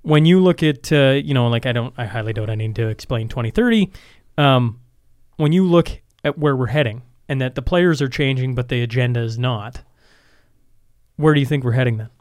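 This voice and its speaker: A man's voice: mid-range voice, brisk, darkish tone, no echo, studio quality. A male podcast host asking casual, hesitant questions full of fillers. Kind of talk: podcast interview.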